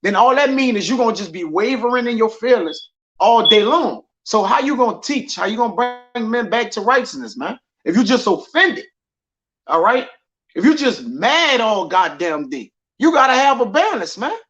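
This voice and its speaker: A man's voice: very high voice, expressive, moderate pace, a bit bright. A man teaching scripture in a loose, conversational way, often tagging his lines with "man" and "all right". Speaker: preacher. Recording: dull lo-fi audio.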